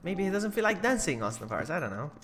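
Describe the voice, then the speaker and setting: Excitable man gamer with a lively voice. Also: sits high, fast talker, music in the background. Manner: laughs a lot, yelps when startled. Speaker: co-host playing along. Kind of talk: casual live gameplay chat.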